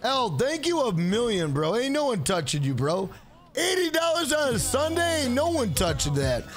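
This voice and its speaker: A man streaming a video game live, swearing freely and loudly hyping up his donors. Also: very high-pitched, very animated, moderate pace. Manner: profane, hyped, shouts out donors. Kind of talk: live gameplay stream chat.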